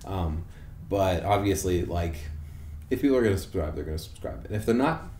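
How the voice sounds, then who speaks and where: A young man hosts a casual podcast in a low, mellow voice, talking briskly and with animation. He rambles and swears, full of fillers and restarts, and the room is echoey with a faint hiss.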